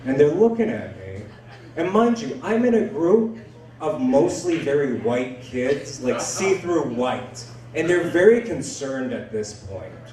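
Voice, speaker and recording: A man's voice: on the high side, measured pace. A young man telling crude stories in a stand-up set, his voice swooping all over. He is heard from a distance in a very echoey room. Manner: lively, crude storytelling. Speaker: stand-up comedian. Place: comedy club stage.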